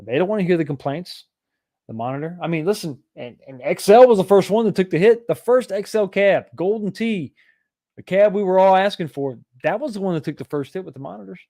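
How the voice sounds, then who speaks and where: A man's voice: high-pitched, fairly quick, mellow. A man hosting a casual livestream, rambling and restarting his sentences as he talks. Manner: rambling, repeats words and restarts often. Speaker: livestream host.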